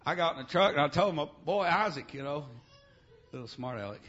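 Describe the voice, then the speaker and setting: A middle-aged man preaching a revival sermon in church, dropping "uh, amen" between his phrases in a shouting preaching cadence. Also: on the high side, animated, a little fast, highs cut off.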